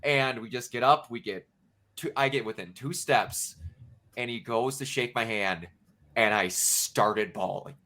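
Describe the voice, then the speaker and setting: A man on a podcast recounts a memory in loose, conversational chat. His voice has a bright, forward edge, and he tells it with emotional, animated energy. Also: medium pitch, unhurried. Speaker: podcast co-host. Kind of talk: casual chat.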